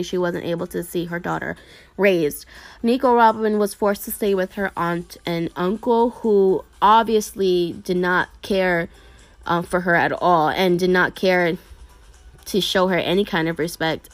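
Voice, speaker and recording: A woman who makes anime videos retells a story to her viewers in a loose, rambling way, packed with fillers and false starts. Her voice is on the low side, and there's no echo.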